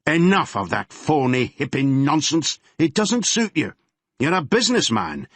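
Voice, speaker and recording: A man voicing a gruff, bullying male detective with a Glaswegian accent, snarling through an interrogation in an audiobook. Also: medium pitch, dry recording, voice pushed up. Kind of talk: audiobook character reading.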